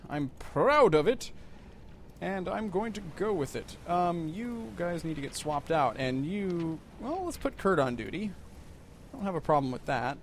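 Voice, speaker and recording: A man's voice: a little high, slight background noise. A man giving casual, rambling let's-play commentary with wry, self-mocking humor.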